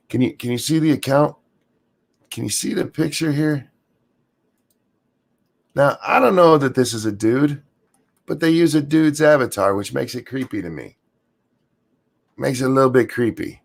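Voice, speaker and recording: A man's voice: mid-range voice, expressive, a little slow, vocal fry, pauses often. A man hosting a casual rant stream, sarcastic and crude, rambling with many fillers, still in his morning voice. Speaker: streamer host.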